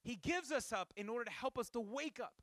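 A male pastor giving a sermon in a casual, animated way, with slang asides to the congregation. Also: extremely high pitch, brisk, no room sound.

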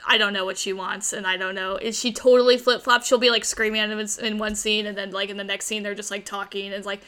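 A woman's voice: mid-range voice, flat delivery, quick pace, pushed and bright. A woman in casual film discussion, chatty and thinking aloud with many fillers. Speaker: podcast co-host.

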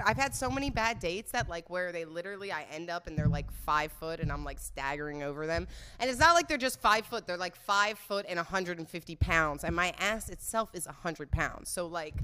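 A woman's voice: on the low side, brisk, bright, forceful tone, clear, resonant tone. A young woman telling a candid, profane dating story in casual chat, giggling as she goes.

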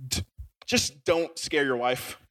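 A man's voice: medium pitch, takes it slowly. A young man preaching to a youth group in a casual, joking storytelling style, with lots of filler words like "like.". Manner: animated and joking, with many fillers like "like". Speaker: youth pastor.

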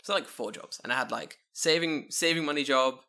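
A bright, forward young man from the United Kingdom, chatting on a podcast at an ordinary pitch. He tells stories with a lot of swearing and voices both sides of old arguments as he goes. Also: fairly quick. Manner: animated storytelling, swears often, acts out both sides of conversations. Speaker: podcast co-host. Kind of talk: casual chat.

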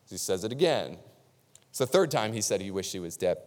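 A man's voice: fairly low pitch, sing-song, a little fast, a little mellow. A male pastor preaching a sermon in a conversational, emphatic way, repeating key lines for stress. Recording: long reverb of a large hall.

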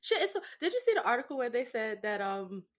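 A young adult woman co-hosting a podcast, telling stories in a lively, profane, casual way and often asking "right?". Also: a little high, fast talker. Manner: animated, profane storytelling with lots of "right?". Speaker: podcast co-host. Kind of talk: casual chat.

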